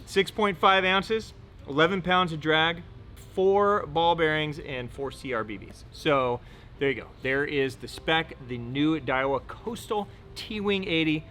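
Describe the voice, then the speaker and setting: A man's voice: fairly high pitch, a little slow, pushed and bright, slight background noise. A man hosting a casual product rundown indoors, upbeat and joking, swearing casually now and then. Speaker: host. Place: indoor room.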